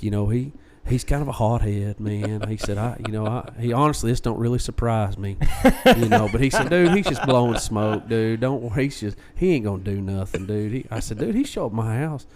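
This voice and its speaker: A man co-hosting a podcast, casually retelling a story and acting out what others said in lively quoted voices. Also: on the low side, brisk, hardly any pauses, a crowd in the background. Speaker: podcast co-host.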